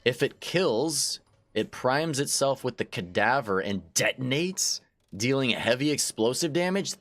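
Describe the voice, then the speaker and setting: A man's voice: mid-range voice, expressive, unhurried, fairly bright tone, a little hiss or hum. A man giving casual let's-play commentary while gaming, chatty, laughing often and repeating words as he goes. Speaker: gaming YouTuber.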